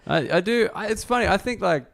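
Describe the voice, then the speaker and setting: A man's voice: sits high, animated, fairly quick, creaky, fairly bright tone. An Australian man hosting a podcast, talking casually and rambling with lots of fillers. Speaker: podcast host, comedian. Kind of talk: casual chat.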